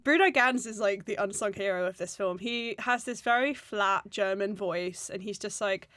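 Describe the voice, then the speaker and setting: A woman film critic in a podcast debate, talking enthusiastically in a fast-flowing way with laughing asides. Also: medium pitch, loud music behind the voice.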